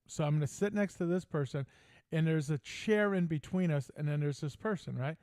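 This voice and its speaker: A man's voice: on the high side, fairly quick, smooth, no echo. Brash older man telling stories. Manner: animated, brash, joking storyteller. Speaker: podcast host. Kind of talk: casual storytelling chat.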